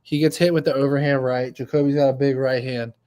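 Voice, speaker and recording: A relaxed male host running a call-in betting show, peppering his talk with slang and swearing. His voice is of middling pitch and easygoing. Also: quick pace. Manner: laid-back, swears casually, says bro. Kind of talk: casual call-in show hosting.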